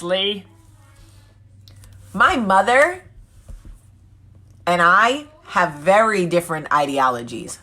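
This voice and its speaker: Woman, 40s, host, low husky voice, candid and jokey with her viewers. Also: expressive, slow pace, pauses often, bright, forceful tone. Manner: candid, joking and chatty, reading comments aloud. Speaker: vlog host. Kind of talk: casual live chat with viewers.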